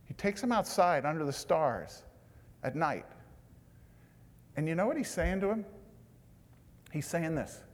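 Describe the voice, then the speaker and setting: A man preaching a sermon, dropping to a hushed tone for tender lines and rising to loud, emphatic bursts. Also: a little high, lively intonation, measured pace, long pauses. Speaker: pastor. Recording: long hall reverb.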